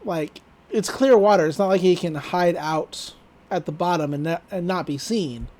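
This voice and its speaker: A woman's voice: lowish voice, normal speed, dark tone. A woman co-hosting a podcast, giving a chatty, casual recap with laughs and fillers. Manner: chatty, giggly, with frequent fillers. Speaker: podcast co-host.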